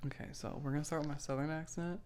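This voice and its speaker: A woman's voice: sits low, fairly even intonation, fast talker, a little mellow, a little hiss or hum. A woman co-hosting a podcast in rambling, teasing casual chat, laughing often. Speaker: podcast co-host.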